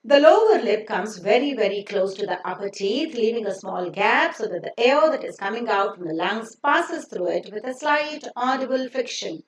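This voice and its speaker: A woman teaching phonics to children, drilling letter sounds and repeating example words slowly and carefully. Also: on the high side, lively intonation, roomy sound. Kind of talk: pronunciation lesson for children.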